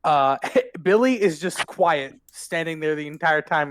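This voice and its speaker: A man running a tabletop role-playing game as game master, narrating scenes with frequent laughs and quick character lines. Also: on the high side, clear, resonant tone.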